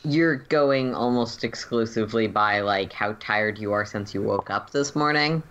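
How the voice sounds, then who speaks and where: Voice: mid-range voice, normal speed, fairly bright tone. Casual game master, dull audio. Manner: casual, many "um"s and "like"s while describing scenes. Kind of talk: narrating a tabletop game.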